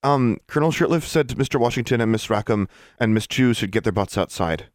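A man voices a young boy who speaks hesitantly and defensively, pitching above his own natural voice in a mid-range, lightly acted performance. His delivery is fairly quick with lively intonation, recorded as clean studio sound with no echo.

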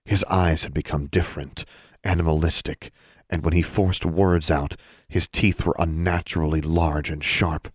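A male audiobook narrator with a very deep, low voice, reading a fantasy chapter in a measured, even way. The sound is dry and close, with no room around it. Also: no room sound. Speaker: podcast narrator.

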